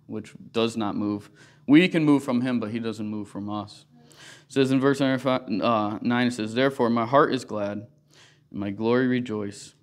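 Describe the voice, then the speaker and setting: A man teaching a Sunday school class in a church, talking through scripture in an earnest, conversational way. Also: medium pitch. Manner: earnest, conversational, often says "you know". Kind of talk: casual Bible teaching.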